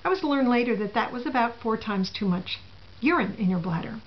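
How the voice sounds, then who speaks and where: A woman's voice: fairly high pitch, animated, fairly quick. A middle-aged woman telling a first-person story in a wry, sarcastic manner, heard on a dull lo-fi recording.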